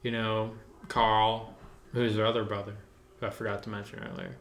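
A man's voice: lowish voice, flat delivery, moderate pace, a bit bright. A young adult man chatting casually on a podcast, laid-back and enthusiastic, with a lot of "dude". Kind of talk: casual chat. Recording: roomy echo.

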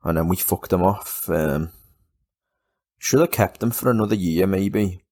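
Deep-voiced laid-back man chatting football. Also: unhurried, dark tone. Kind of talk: casual football chat.

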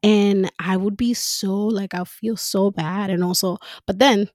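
A woman speaking in a casual monologue as a mother, frank and animated, swearing freely and laughing often. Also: mid-range voice, a little slow, no echo, studio quality. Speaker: mother talking about parenting.

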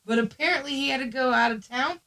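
Bright, high-voiced Southern woman storyteller. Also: quick pace, low-quality recording. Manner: animated storyteller acting out the people in her story. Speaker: podcast co-host telling a story. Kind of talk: casual chat.

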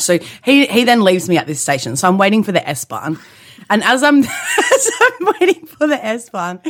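A woman, telling a long story in casual chat as a podcast co-host and laughing through it. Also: on the low side.

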